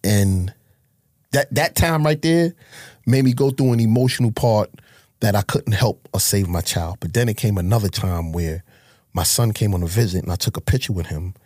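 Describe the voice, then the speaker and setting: Husky New man, blunt storyteller. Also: on the low side, moderate pace, a little mellow, dry recording, clean studio sound. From Harlem, New York. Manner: blunt, profane, emotional storytelling. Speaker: guest. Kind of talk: candid life-story interview.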